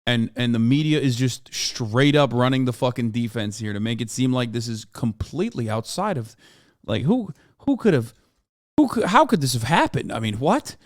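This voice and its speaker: A man's voice: medium pitch, expressive, moderate pace, dry recording, studio quality. A man streaming a reaction, ranting angrily and emphatically with heavy profanity. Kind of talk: heated livestream reaction commentary.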